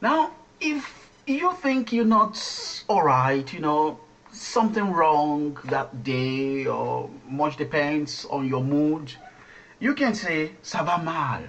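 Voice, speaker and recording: Slow-paced, lively man teaching French. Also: fairly high pitch. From Nigeria. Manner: slow, repeats phrases and coaches the listener. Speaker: French language teacher and radio host. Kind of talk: radio language lesson.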